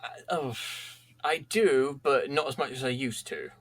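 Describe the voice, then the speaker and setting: A man co-hosting a casual podcast chat, talking in a relaxed way, often restarting and hesitating. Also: medium pitch, measured pace, soft background music. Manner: easygoing, hesitant, with many restarts. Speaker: podcast co-host.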